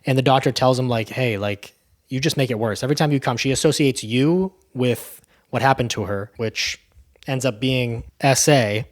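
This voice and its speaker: A man's voice: medium pitch, moderate pace. A man casually retelling a movie plot, loose and profane, full of fillers. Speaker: movie recap host.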